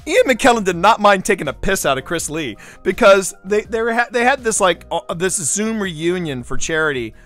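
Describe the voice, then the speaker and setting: A man streaming from home in casual chat, telling stories with lively voiced impressions. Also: high-pitched, normal speed, hardly any pauses, faint music behind. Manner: animated storytelling with voiced impressions.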